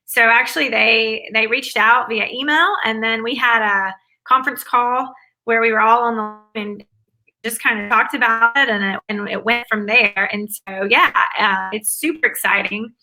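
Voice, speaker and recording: Woman, Southern US accent, very bright tone, slightly high voice, enthusiastic interview guest. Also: steady tone, moderate pace, low-quality recording. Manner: upbeat, enthusiastic, talks in long run-on answers. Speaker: guest, former academic advisor. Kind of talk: conversational interview.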